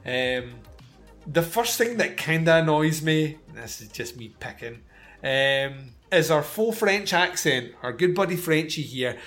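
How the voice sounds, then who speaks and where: A man with a slightly raised voice reviews a horror film in casual podcast chat. He is blunt and swears freely, dropping wry asides. Soft music sits faintly underneath. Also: a little high, lively intonation, unhurried. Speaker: podcast host reviewing films.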